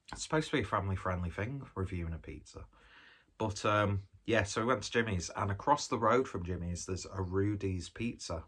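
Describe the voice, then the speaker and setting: A man's voice: sits low, fairly bright tone, slightly rough. A man, chatting casually while reviewing and eating a pizza, rambling from one aside to the next. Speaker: food reviewer. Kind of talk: casual food review vlog.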